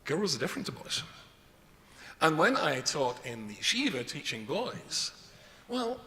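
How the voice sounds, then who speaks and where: A man's voice: on the high side, very animated, a little slow, creaky, pushed and bright. A middle-aged man, a rabbi giving a jokey, self-deprecating lecture full of stories. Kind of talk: humorous lecture with storytelling. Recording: reverberant hall with faint noise.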